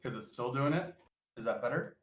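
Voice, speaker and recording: A man's voice: medium pitch, lively intonation, a little fast. Joking man on a muffled voice call. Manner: joking, offhand. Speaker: voice-chat guest. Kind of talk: casual chat over voice call. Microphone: voice chat over the internet. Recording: echoey, dull voice-chat audio.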